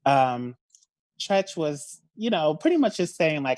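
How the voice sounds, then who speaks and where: A woman hosting a casual recap discussion over a call, expressive and frank, often laughing. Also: low voice, moderate pace, no room sound. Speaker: host.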